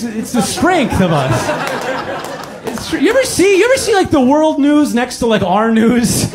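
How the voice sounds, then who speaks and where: A man from the United States, doing a profane, mocking stand-up comedy set in a comedy club. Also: very high-pitched. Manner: profane, animated, mocking delivery. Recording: crowd laughter, noisy club. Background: audience laughter.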